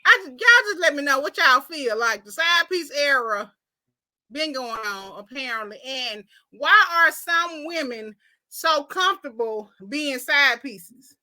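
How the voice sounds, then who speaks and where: A high, very bright-voiced woman hosts a casual podcast. She talks animatedly and acts out the quotes she reads aloud with flair. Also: a little slow. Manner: animated storyteller who reads quotes dramatically. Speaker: podcast host.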